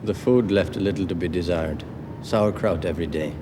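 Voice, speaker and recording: An actor playing a reserved, middle-aged Soviet spy with a Geordie accent, speaking in a measured, careful way. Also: male voice, low voice, natural voice. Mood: evasive. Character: guarded Soviet spy, middle-aged man, evasive and calm. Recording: reverberant room with steady background noise.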